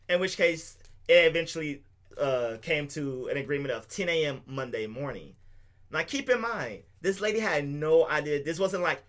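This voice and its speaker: In a laid-back podcast conversation, this co-host goes on enthusiastically with long explanations. His pitch is fairly high with lively intonation, a moderate pace and a slightly bright sound.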